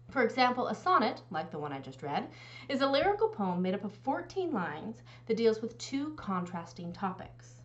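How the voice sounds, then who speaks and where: A woman instructor giving a recorded lecture with a clear, explanatory teaching manner. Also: a little high, dull audio.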